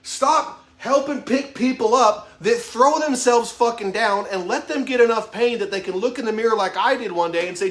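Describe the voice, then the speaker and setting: A man's voice: very high-pitched, normal speed, few pauses, fairly bright tone, roomy sound. A man in his thirties giving an impassioned motivational monologue, swearing heavily in a raw, emphatic way. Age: 30s. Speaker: vlogger.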